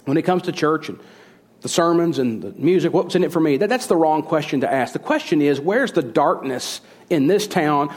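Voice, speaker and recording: A middle-aged man preaching a sermon as pastor, emphatic, with repeated phrases and rhetorical questions. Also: high-pitched.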